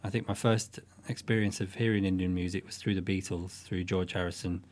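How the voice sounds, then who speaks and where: A man with a fairly low voice, talking through his music in a relaxed interview. He speaks thoughtfully, circling back and restarting phrases as he explains. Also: brisk. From northwest England. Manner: thoughtful, with frequent restarts and soft fillers. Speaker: guest musician. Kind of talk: casual interview.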